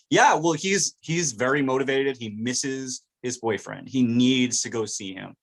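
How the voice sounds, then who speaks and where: A man's voice: mid-range voice, measured pace, creaky. A man hosting a podcast, casually and animatedly recapping an episode scene by scene. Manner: animated storytelling, recounting scenes. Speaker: podcast host.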